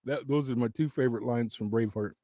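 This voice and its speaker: A man's voice: medium pitch, fast, mellow, dry recording, clean studio sound. A man hosting his YouTube channel in casual live chat from home, rambling with frequent restarts and laughs, his voice wearing thin. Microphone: very close to the mic.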